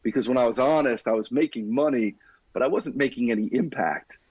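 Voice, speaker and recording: A middle-aged man tells his own story on a podcast, lively and casual, calling the host "dude." His voice is slightly husky and sits at a mid pitch. The sound is dry and close, with almost no room. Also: a little fast, dry recording, poor audio. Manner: energetic, talks like a buddy, says "dude". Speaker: podcast guest.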